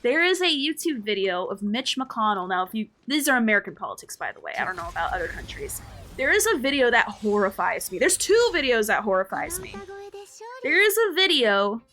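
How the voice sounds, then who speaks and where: A woman's voice: fairly high pitch, very animated, fairly quick, pushed and bright. A woman VTuber streamer in casual live-stream chat, ranting in a slangy way and reading her chat aloud. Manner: slangy, says "bruh" often.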